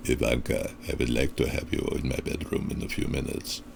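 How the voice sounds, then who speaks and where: A man putting on the voice of a lecherous elderly male statesman, with a gravelly, very deep sound. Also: level tone, brisk, very noisy, full character voice. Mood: leering.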